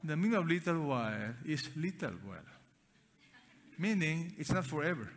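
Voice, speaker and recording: Big pitch swings mark this pastor's fairly high voice as he preaches at a moderate pace, with slight background noise under the long hall reverb. He emphatically repeats key words, poses questions to the congregation, and has them read aloud.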